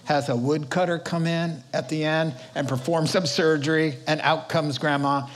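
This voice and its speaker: An older man preaching a sermon, telling stories in an animated, playful way. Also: on the high side, normal speed. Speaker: pastor.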